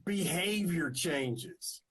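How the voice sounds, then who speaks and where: A man's voice: a little high, lively intonation, drawn-out words, a crowd in the background. A man co-hosting a podcast, talking earnestly and emphatically with some teasing. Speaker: podcast co-host. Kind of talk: casual chat.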